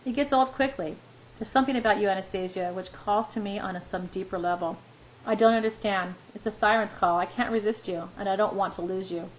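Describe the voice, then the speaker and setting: A woman reading the lines of an intense, brooding young businessman in a spoken story, in a low, quiet, earnest way. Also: brisk, a little hiss or hum, natural voice.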